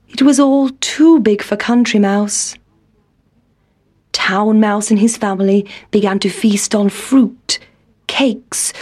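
Slow gentle woman storyteller. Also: on the high side. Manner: gentle, clear storybook reading. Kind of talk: children's story reading.

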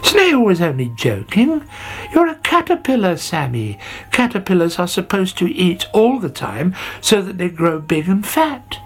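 Narrator putting on a sweet kind butterfly lady, light and lilting, slow. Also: mid-range voice, big pitch swings, slightly rough, soft background music, pitched above the performer's own voice, full character voice. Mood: reassuring. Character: kind, gentle female butterfly. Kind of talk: storybook character voice.

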